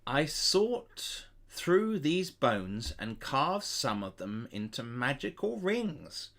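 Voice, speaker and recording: A man's voice: medium pitch, sing-song, takes it slowly, creaky, fairly bright tone, full character voice. A man voicing a timid little hooded man who carves bones, sad and fearful at first and proud later.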